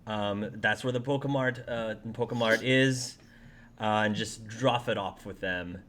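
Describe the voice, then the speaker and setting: A man playing a gruff delivery boss. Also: lowish voice, unhurried, fairly bright tone, a little hiss or hum. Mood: stern. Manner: stern, businesslike, hesitant with fillers. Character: gruff middle-aged male delivery-company boss.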